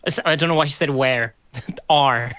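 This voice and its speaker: A man's voice: fairly high pitch, little pitch movement, fast talker, sharp tone. A man playing a tabletop game, talking hesitantly with many fillers. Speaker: player.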